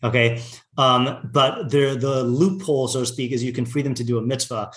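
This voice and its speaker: A man's voice: medium pitch, steady tone, moderate pace, roomy sound. A man teaching a casual Torah lesson, talking in a loose conversational way full of "like" and "you know", reading Hebrew passages aloud and translating them.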